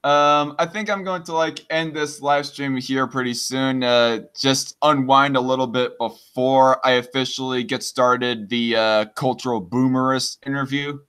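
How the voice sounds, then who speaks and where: A man's voice: mid-range voice, fairly even intonation, unhurried, few pauses, fairly bright tone, smooth. A man hosting a casual live stream, stammering and trading crude jokes with a guest. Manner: stammering, crude joking banter.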